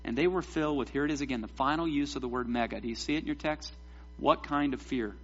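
A man preaching a sermon as pastor, animated, with joking asides to the congregation. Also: medium pitch, fast, muffled recording.

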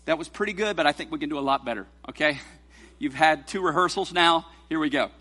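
A man with a bright, somewhat high voice preaches in a church sanctuary. He is animated, draws scripture out slowly, then turns light and teasing as he coaches the congregation through a responsive reading. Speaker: pastor.

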